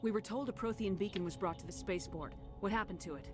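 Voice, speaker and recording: A woman's voice: mid-range voice, fast, natural voice. An actress playing a stern female military commander who questions people firmly. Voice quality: firm, demanding. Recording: game audio over music.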